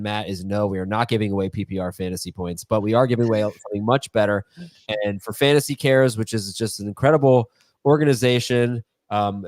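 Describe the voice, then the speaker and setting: A man's voice: on the low side, a little mellow, no room sound. A man hosting a live sports Q&A show in a loose, chatty way, reading viewer questions. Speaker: host. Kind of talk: casual live Q&A chat.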